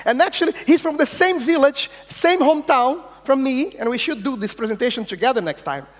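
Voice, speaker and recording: High-voiced man keynoting in a reverberant hall. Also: a little fast. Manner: energetic, insistent, swears, acts out quoted voices. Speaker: keynote speaker. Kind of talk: conference keynote talk. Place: large conference hall.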